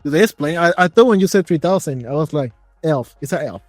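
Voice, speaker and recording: A man's voice: on the high side, expressive, quick pace, no room sound, faint music behind. A man hosting an interview, chatting casually and joking, laughing at his own stories. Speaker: interview host.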